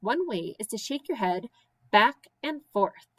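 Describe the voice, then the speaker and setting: A woman teacher reading silly children's poems aloud with slow, sing-song, playful emphasis. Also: a little high, animated, fairly bright tone, low-quality recording. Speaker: special education teacher.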